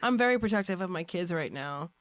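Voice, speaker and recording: A woman comedian chatting as a podcast guest, brash and riffing with rapid jokes. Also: on the low side, expressive, heavy background noise. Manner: brash, joking riffs, rapid bits. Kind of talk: casual interview chat.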